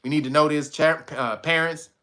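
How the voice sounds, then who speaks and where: A man's voice: fairly high pitch, fairly even intonation, normal speed, pushed and bright. A man hosting a livestream commentary, profane and mocking, laughing often and talking to his chat. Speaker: channel host. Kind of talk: livestream commentary reading news.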